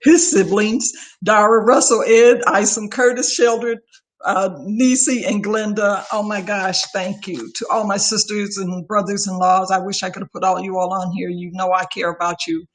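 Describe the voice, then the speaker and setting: A woman's voice: mid-range voice, little pitch movement, normal speed, hardly any pauses. An older woman speaks over a video call, her mid-range voice thick with emotion as she thanks colleagues and family. She sounds close to tears yet keeps going, a leader signing off with heartfelt gratitude. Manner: heartfelt, emotional, lists names warmly. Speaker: outgoing organization leader. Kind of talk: farewell thank-you speech.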